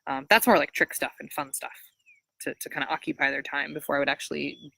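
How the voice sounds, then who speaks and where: A woman dog trainer from Minnesota giving casual, chatty training advice, full of fillers, jumping up high when she imitates praising a dog. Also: fast, gravelly, no room sound. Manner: chatty, frequent fillers, animated high-pitched voice when quoting praise to dogs.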